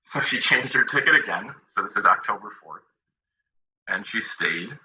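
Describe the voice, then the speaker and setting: A low-voiced man with a husky, strained edge, telling his side of a dispute. He halts and restarts, quoting past exchanges. The sound is dull and lo-fi. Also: expressive, sharp tone. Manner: halting, quoting past talks. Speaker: party in a dispute. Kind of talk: personal account.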